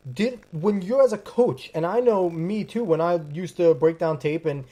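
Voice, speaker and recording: A man's voice: high-pitched, moderate pace. A man hosting a podcast, chatting casually about sports and talking with emphasis. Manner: emphatic, animated storytelling. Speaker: podcast host.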